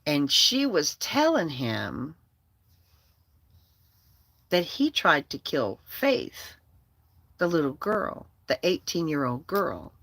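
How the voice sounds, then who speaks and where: A woman's voice: low voice, very animated, takes it slowly, gravelly, long pauses, a bit bright, no room sound. A woman casually telling a personal story, blunt and profane and candid.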